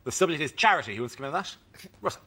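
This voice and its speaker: A man hosting a comedy panel show, brisk and wry. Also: fairly high pitch, big pitch swings. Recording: noisy studio with loud audience.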